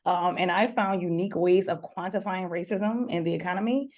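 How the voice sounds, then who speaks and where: A woman with a raspy voice and a New Orleans accent, introducing herself in a playful, joking way as an economist on a video-call panel. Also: lowish voice, steady tone, brisk, darkish tone.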